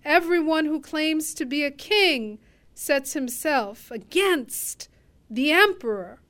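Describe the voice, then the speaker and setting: A woman reading the lines of an angry, insistent crowd of male accusers, raised and forceful. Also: sits high, expressive, slow pace, exaggerated voice.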